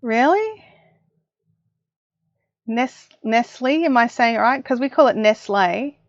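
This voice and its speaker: Chatting live with her craft-stream viewers from her home craft room, this middle-aged Australian woman is casual and self-mocking. She speaks at a normal speed with a fairly high pitch. The dry, dull, lo-fi sound comes from a desk mic, and she monitors on headphones.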